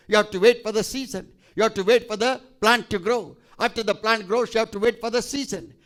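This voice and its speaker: High-voiced man preaching emphatically. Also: a bit bright. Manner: emphatic, repetitive preaching with call-and-response. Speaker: pastor. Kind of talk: sermon.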